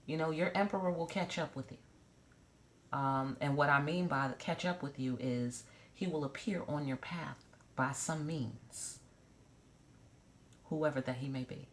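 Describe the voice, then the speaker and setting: A woman's voice: low-pitched, measured pace, a little hiss or hum. A woman giving a casual tarot reading to camera, blunt and profane, with joking asides and repeated check-ins of "okay?". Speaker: tarot reader.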